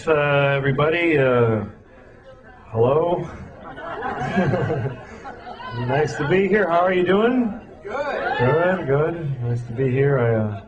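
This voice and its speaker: A man with a slightly high voice and lively swings of pitch works the room, talking casually and mocking himself. The crowd is loud and the live room is noisy behind him. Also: slow pace, long pauses, lo-fi sound. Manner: self-deprecating, conversational, hesitant with fillers. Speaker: stand-up comedian. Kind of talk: stand-up routine. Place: comedy stage before a laughing audience.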